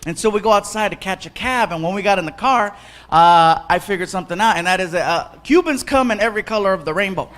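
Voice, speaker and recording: A man doing stand-up storytelling on stage, animated, acting out voices and yelling punchlines into a handheld mic. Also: high voice, quick pace. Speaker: stand-up comedian. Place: theater stage. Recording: live show with loud crowd and noise.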